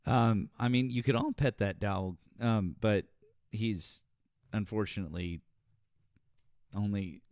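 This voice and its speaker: A man's voice: lowish voice, takes it slowly, darkish tone, dry recording. A man hosting a casual livestream chat, joking in a dry, easygoing way. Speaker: host.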